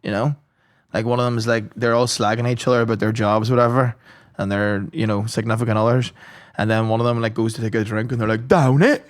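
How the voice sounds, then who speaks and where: A man co-hosting a podcast, chatting casually with quick quips. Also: medium pitch, steady tone. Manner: quick quips and encouraging interjections. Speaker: podcast co-host. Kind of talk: casual comedic chat.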